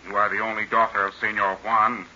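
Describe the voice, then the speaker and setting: An actor playing a suave, scheming male villain in a 1930s radio drama, smooth and menacing. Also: lowish voice, level tone, fairly quick, sharp tone, a little hiss or hum. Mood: coaxing menace. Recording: muffled old radio recording.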